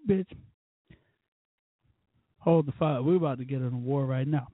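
A man hosting his own show, telling rambling, profane stories in a casual drunken way, with sudden loud bursts. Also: mid-range voice, moderate pace, no room sound, phone-quality sound. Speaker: podcast host.

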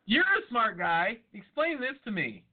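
Brief: high-pitched male co-host, argumentative and jokey, swears freely, thin phone-line sound. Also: sing-song, a little slow. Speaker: podcast co-host. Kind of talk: casual profane chat.

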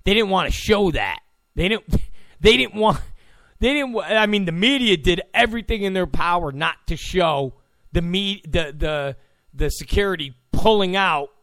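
Rambling, gravelly male radio host. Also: sits high, a bit bright, dry recording, studio quality. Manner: rambling, mocking, chuckling asides. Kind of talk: talk radio commentary.

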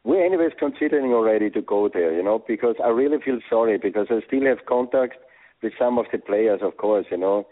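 Husky man on a tinny phone line. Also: lowish voice, fast talker, no echo. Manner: earnest, non-native English phrasing. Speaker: former soccer coach. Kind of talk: phone interview.

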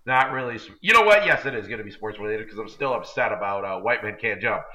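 A man's voice: fairly low pitch, fairly even intonation, fast, bright, forceful tone, reverberant. A man co-hosting a sports podcast, ranting in an exasperated way while nursing a sore throat. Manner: worked-up, exasperated rants. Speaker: podcast co-host. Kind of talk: casual sports podcast chat.

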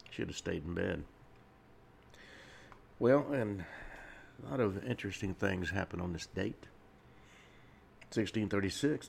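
A man hosting his own radio talk show, rambling through history notes with many pauses and fillers, speaking from a studio. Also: deep voice, creaky, a little hiss or hum. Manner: rambling, with frequent uh fillers and restarts. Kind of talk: solo radio talk monologue.

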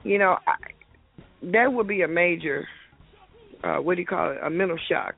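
A woman's voice: on the low side, animated, normal speed, creaky, husky. A woman calls in to a radio show and rambles hesitantly, repeating words as she searches for them. Her voice comes through a thin, tinny phone line. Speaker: caller. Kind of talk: casual call-in question.

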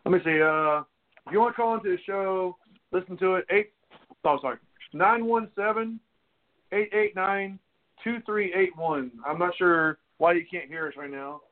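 A man's voice: high voice, normal speed. A man hosting a casual radio show, talking in a loose, joking, rambling way. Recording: tinny phone-like audio.

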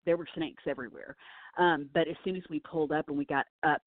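Speaking fast in a low voice, a female animal handler enthusiastically shares stories in an informal interview. She works as a snake wrangler and wildlife handler for film sets. The audio sounds like a tinny, dry phone line.

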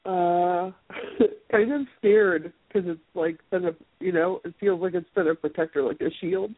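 A woman taking part in a guided session, speaking softly and hesitantly, full of pauses and restarts. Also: fairly low pitch, fairly even intonation, breathy edge, no echo. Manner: hesitant, soft, many fillers and restarts. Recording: tinny phone-line sound, dry.

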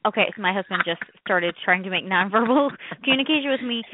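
A woman's voice: mid-range voice, expressive, fast, background noise. A woman co-hosting a casual radio talk show, chatty and giggly, rambling through stories. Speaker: co-host. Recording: tinny phone-line radio sound.

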